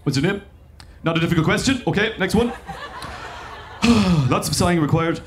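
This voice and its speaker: A weary radio host, as a comedian puts him on, deadpan and sighing between short flat lines. The voice sits fairly high for a man. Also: moderate pace, noisy background. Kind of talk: stand-up impression.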